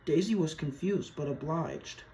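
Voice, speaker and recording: A narrator reading a fan-made storybook tale in a measured, steady way. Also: mid-range voice, a little hiss or hum, rough recording.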